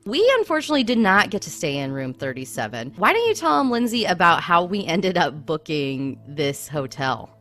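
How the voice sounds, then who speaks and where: Low-pitched woman co-host, casual chat full of "I mean", faint music in the background. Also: sing-song, a little fast, few pauses, fairly bright tone. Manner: chatty, with lots of "like" and "I mean". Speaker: podcast co-host.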